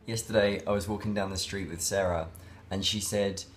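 A man's voice: fairly low pitch, normal speed, fairly bright tone. A man talking in a casual daily vlog, rambling and reflective, with many fillers and restarts. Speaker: vlogger.

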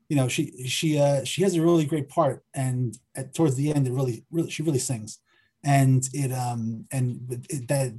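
Middle-aged filmmaker, male, mellow husky voice, thinks aloud with repeats. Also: medium pitch. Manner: hesitant, repeats words while thinking aloud. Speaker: filmmaker and writer guest. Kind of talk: conversational interview.

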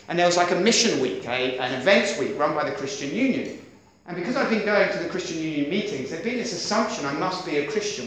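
A middle-aged man preaching in a church hall, with a slightly higher voice than most men. He talks in a lively, chatty way and keeps checking in with his listeners. The room rings with echo, and a faint hum sits underneath. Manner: lively, conversational, keeps asking "does that make sense?". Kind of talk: sermon.

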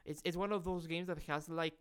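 A man's voice: on the high side, clear, resonant tone. A man co-hosting a gaming podcast, chatting casually and often repeating himself as he goes. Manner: halting, repeats words, relaxed. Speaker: podcast co-host.

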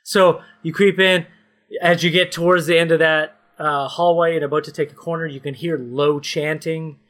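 A man from Canada narrating a comedic story game as game master, laying out scenes slowly with mock suspense. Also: a little high, steady tone, fairly bright tone.

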